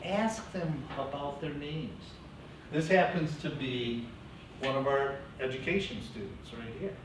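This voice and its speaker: A man teaching a classroom lecture, lively and coaching his students. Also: mid-range voice, unhurried. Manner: lively, coaching students through name pronunciation. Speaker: teacher educator. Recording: echoey classroom from far off, faint hiss.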